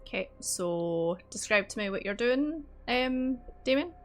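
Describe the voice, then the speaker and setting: A woman narrating as dungeon master for a tabletop game, relaxed and chatty with lots of fillers. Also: on the high side, a little slow, slight background noise. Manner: relaxed, filler-heavy narration with easy laughs. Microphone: streaming mic.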